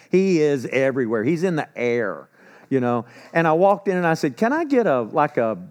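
Lively preacher man, quiet asides. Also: fairly high pitch. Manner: animated preaching, drops to quiet asides when telling stories; sarcastic humor. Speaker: pastor. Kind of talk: sermon.

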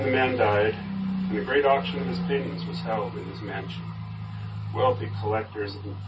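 A man reads a story aloud to his study group in a steady, low voice. He sounds distant from the mic, with a dull tone and a faint hiss underneath. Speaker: Bible study member. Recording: distant dull room recording.

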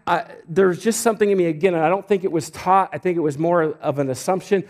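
Chatty self-deprecating male preacher. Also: fairly high pitch. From Idaho, United States. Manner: conversational preaching with restarts and self-deprecating jokes. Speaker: pastor. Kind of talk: sermon.

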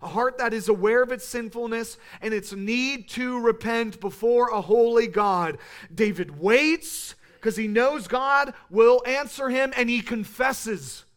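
A man in his thirties preaching a sermon, earnest, rising to emphatic peaks and falling back to quiet. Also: extremely high pitch, a little slow. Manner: earnest, building to emphatic peaks then dropping soft.

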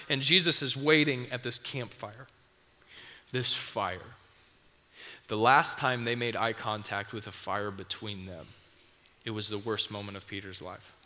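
A man's voice: mid-range voice, steady tone, normal speed, bright, forceful tone. A man preaching a sermon, retelling a story vividly to his audience in a church or event hall. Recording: long hall reverb, faint noise.

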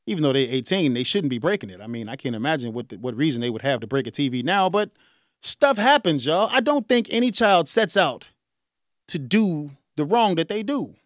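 A man in his forties hosting a radio talk show, speaking in a casual, animated way with frequent chuckles. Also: on the high side, a little fast, no echo, clean studio sound. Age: 40s. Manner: animated, conversational, chuckles often. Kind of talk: solo talk radio monologue.

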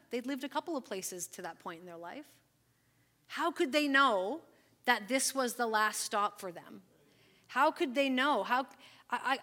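A woman in her forties stands before a congregation and tells a personal story in a relaxed, conversational way. Her voice sits a little high and rings bright and forceful. She leans on "like" and "um" as she goes. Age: 40s. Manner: chatty, storytelling, frequent "like" and "um". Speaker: speaker at a church service.

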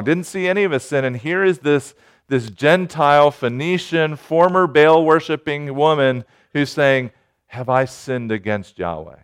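A man preaching a sermon in an earnest manner, rising to urgent pleading and dropping to quiet reflection. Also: fairly high pitch, smooth. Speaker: pastor.

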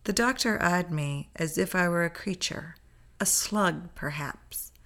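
A woman telling a personal memoir in a calm, unhurried storytelling voice. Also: fairly low pitch. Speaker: narrator. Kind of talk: memoir read-aloud narration.

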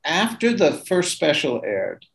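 An older man relaxes into a casual interview, recounting his years in magic in a chatty, anecdotal way. His voice sits fairly high for a man, and he laughs easily between stories. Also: big pitch swings, slow, gravelly, fairly bright tone, rough recording. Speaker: guest, former magic magazine editor and magician.

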